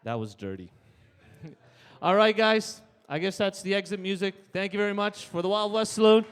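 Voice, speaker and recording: Canadian man doing stand-up, high voice, punchy delivery, live club with long reverb. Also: lively intonation, normal speed, smooth. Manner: punchy, tags jokes with "right?". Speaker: stand-up comedian. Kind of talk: stand-up set. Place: live comedy stage.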